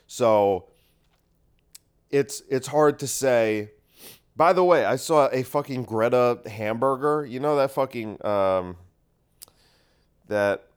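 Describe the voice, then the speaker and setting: A man's voice: a little high, smooth. A man hosting a solo podcast, talking in a rambling, profane and sarcastic way while congested. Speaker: podcast host.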